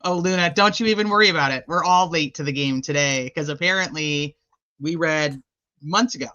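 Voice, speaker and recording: A middle-aged woman with a bright, forceful voice chats loosely on a live stream, swearing and laughing as she goes. The sound is dry and a little dull, like a home mic. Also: sits low, brisk, no echo. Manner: swears freely, laughs often, scattered. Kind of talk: casual live chat.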